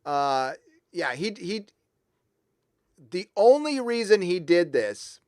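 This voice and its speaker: A man's voice: sits high, sing-song, slow pace, darkish tone, clean tone, dry recording, clean studio sound. Angry, profane middle-aged man ranting. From Southern California. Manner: angry, profane, rambling with restarts. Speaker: livestream host reading super chats. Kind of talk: casual profane livestream rant.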